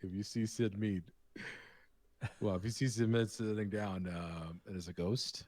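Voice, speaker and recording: Deep-voiced male co-host, rambling storyteller, dry close sound. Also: a little slow, no room sound. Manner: rambling, animated storytelling with restarts. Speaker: co-host of a live painting stream. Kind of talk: casual chat.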